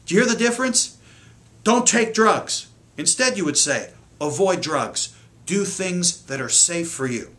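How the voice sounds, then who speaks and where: A middle-aged man with a slightly high voice teaches parents in an earnest, emphatic lesson. He speaks straight to camera and acts out the lines that parents say to their children. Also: sing-song, moderate pace, fairly bright tone. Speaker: parenting coach.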